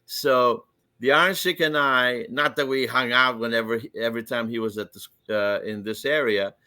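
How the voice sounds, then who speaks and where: A man's voice: mid-range voice, steady tone, normal speed, bright, forceful tone, dry recording. A man co-hosting a podcast, telling a story in an earnest, confiding way. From Greek heritage. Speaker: podcast co-host. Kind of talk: casual storytelling.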